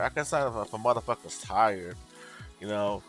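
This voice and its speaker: A man's voice: on the low side, lively intonation, a little fast, a bit bright, soft background music. A man hosting a casual livestream, ranting bluntly with lots of swearing and answering his chat. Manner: blunt, profane, exasperated, talks back to chat. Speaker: tarot livestream host.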